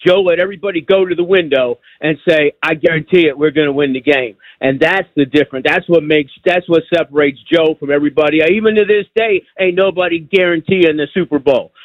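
A man's voice: fairly high pitch, fairly quick, few pauses, no room sound. A man in his sixties from New York, calling into a sports radio show and talking in a rambling, repetitive, emphatic way. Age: 60s. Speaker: caller. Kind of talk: call-in radio chat. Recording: muffled phone line.

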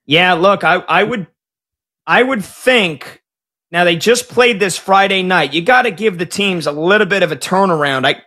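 A man hosts a live sports talk show, recapping game results as they break. His voice sits high and rings bright and forceful. He reacts with quick excitement. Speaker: sports betting show host.

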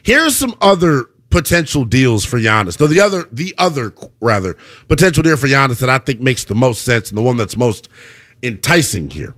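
Animated man hosting sports talk radio. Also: medium pitch, normal speed. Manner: animated, argumentative, rhetorical questions.

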